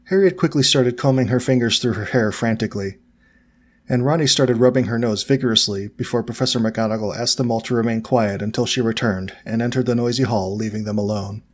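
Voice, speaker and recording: A man narrating a fan fiction audiobook in a steady, even storytelling manner. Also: medium pitch, fairly quick.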